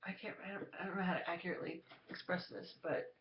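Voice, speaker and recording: A woman vlogger confiding to the camera, halting and searching for her words. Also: fairly low pitch, steady tone, slight background noise. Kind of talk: confessional talk to camera. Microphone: camera mic. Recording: roomy, dull lo-fi sound.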